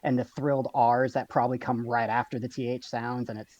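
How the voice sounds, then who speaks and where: A man's voice: medium pitch, little pitch movement, brisk, darkish tone, no echo. A man playing in an online tabletop game, hesitant and self-conscious, often restarting his sentences. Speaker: player. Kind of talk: casual tabletop game chat.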